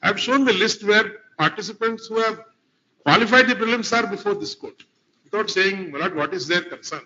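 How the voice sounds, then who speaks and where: A man's voice: high voice, a little fast, bright, forceful tone. A man arguing formally before a court as an advocate, deferential and constantly addressing the bench. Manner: formal, deferential, repeats "my lord" often. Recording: dull lo-fi courtroom recording.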